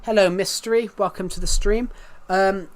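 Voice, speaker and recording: Faint music plays behind a young English livestreamer whose high voice keeps a steady tone at a moderate pace. He rambles casually to his viewers in an English accent, circling back and repeating himself.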